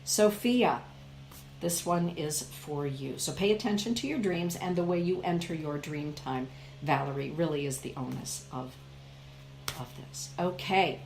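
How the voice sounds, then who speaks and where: Slow, emphatic woman reading oracle cards. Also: low voice, darkish tone, echoey room, slight background noise, low-quality recording. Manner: slow, emphatic, addresses viewers by name. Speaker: spiritual author and card reader. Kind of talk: live oracle card reading for viewers.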